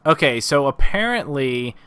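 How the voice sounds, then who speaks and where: A man's voice: medium pitch, very animated, measured pace, pushed and bright, clear, resonant tone, no room sound. A man live-streaming and coaching a game, chatty and giggly, filling gaps with ums and uhs into a headset mic. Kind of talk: casual live-stream commentary.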